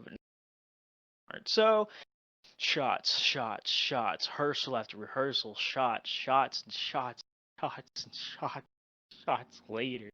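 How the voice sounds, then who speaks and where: A young man telling a funny story as a guest, dramatic and exaggerated, jumping from loud outbursts to low mutters. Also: no echo. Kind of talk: casual storytelling.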